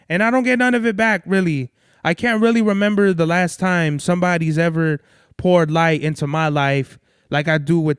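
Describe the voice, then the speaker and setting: A man's voice: sits high, clean tone, dry recording, studio quality. A young man, hosting a podcast in a casual monologue. He rambles, swears a lot and keeps losing his train of thought. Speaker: podcast host.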